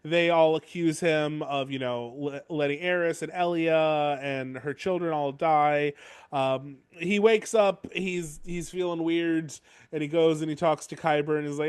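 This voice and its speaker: A man recapping a chapter on a podcast, in a fairly high voice. He talks casually and in a rambling way, and he breaks into quick acted-out lines for the characters. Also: smooth. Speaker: podcast co-host. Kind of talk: casual book discussion chat.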